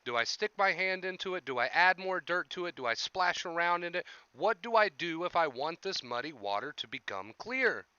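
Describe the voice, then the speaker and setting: A man's voice: fairly high pitch, very animated, normal speed, few pauses, pushed and bright, clear, resonant tone, dry recording, highs cut off. A young man hosting a casual livestream, chatting with viewers and coaching them on anxiety, often repeating his phrases. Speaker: livestream host talking about anxiety.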